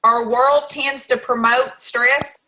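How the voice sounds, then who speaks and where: A woman's voice: sits high, fairly even intonation, takes it slowly, noisy background. A woman hosting a casual group discussion, asking long questions with restarts and fillers. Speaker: discussion host.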